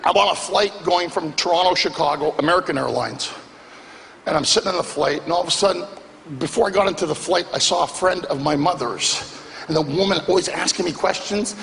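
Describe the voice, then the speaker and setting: A man does stand-up on a club stage, talking high and gravelly as he acts out the people in his story with big, exaggerated voices. The live recording carries a long hall reverb, with clear room noise behind him. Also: fairly quick. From Greek family background. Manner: animated, exaggerated impressions of people. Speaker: stand-up comedian. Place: comedy club stage before a live audience.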